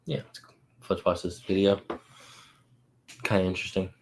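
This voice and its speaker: Deep-voiced offhand male co-host. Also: flat delivery, moderate pace, gravelly, rough recording. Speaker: podcast co-host. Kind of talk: casual chat.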